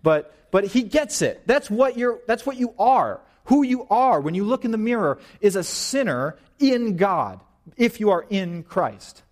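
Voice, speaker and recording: A young man in his twenties giving an informal, animated sermon at church, pacing and gesturing as he talks. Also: sits high, measured pace. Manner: paces and gestures while preaching, animated and informal. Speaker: young preacher.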